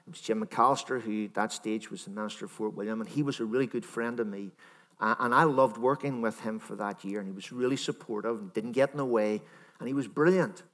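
A minister giving a sermon in a conversational, storytelling manner, voicing imagined dialogue. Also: male voice, lowish voice, quick pace, a bit bright, long reverb tail.

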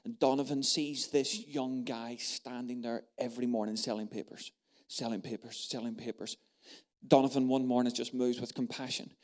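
A male preacher delivering a storytelling sermon. He talks to the congregation with punchy emphasis and sometimes drops to a hushed voice to draw listeners in. His voice sits at an everyday middle pitch. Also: normal speed. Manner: emphatic and animated, dropping to a hush in stories.

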